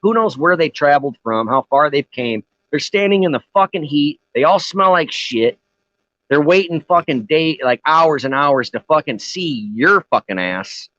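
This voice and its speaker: Male podcast co-host, mid-pitched, loose and profane, muffled dry lo-fi sound. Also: animated, normal speed, a bit bright, no echo. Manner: profane, rambling, laughs at own jokes. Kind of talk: casual podcast chat.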